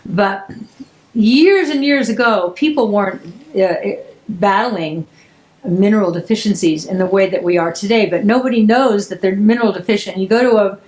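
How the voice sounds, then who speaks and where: An older woman hosting her podcast, talking casually and warmly through a story. She gets emphatic at the strong moments and keeps a conversational flow. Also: mid-range voice, normal speed, low-quality recording. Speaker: podcast host. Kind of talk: casual chat.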